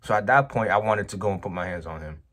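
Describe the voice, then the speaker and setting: Deep-voiced and quick, a business owner launches into a personal story for his vlog. The monologue is casual, emphatic and lively, thick with slang and repeated "bro"s.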